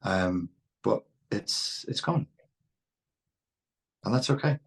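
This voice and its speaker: A man's voice: fairly low pitch, expressive, slow pace, gravelly. A man with a Liverpool Scouse accent, speaking frankly and reflectively as an interview guest. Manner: reflective, frank, occasionally swears. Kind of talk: candid interview talk.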